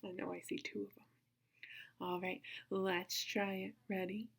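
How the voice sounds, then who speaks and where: A woman teaching a kindergarten phonics lesson, sounding out words slowly in an encouraging sing-song way. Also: mid-range voice, little pitch movement, gravelly, husky. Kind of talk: phonics lesson for young children.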